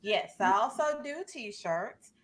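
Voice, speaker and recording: A woman who runs a small business, pitching her services on a casual panel talk in a cheerful, promotional way and spelling out details carefully. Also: lively intonation, takes it slowly, a bit bright.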